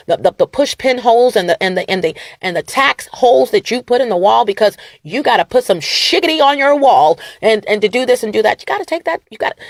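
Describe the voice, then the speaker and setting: Animated, defiant woman vlogger. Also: mid-range voice, no room sound, studio quality. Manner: animated, defiant, laughing, swings loud and soft. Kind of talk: rambling talk to camera.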